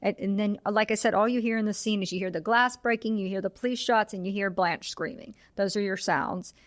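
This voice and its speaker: A woman's voice: medium pitch, a little fast, no room sound. A woman co-hosting a film podcast, chatting casually as she retells scenes and quotes the characters. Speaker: podcast co-host.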